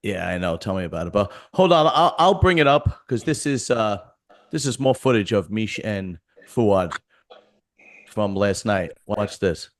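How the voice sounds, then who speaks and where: A man's voice: fairly low pitch, lively intonation, unhurried. Laid-back male podcast host. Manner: laid-back, loose, laughs often. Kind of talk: casual chat.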